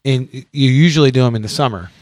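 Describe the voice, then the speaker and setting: Casting: male podcast host, blunt and profane, mid-pitched, dry close sound. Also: quick pace, a little mellow, dry recording. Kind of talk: casual podcast chat. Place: outdoors.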